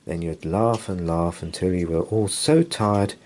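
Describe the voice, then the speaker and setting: A man reading a children's bedtime story aloud in a gentle, expressive way. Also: deep voice, unhurried.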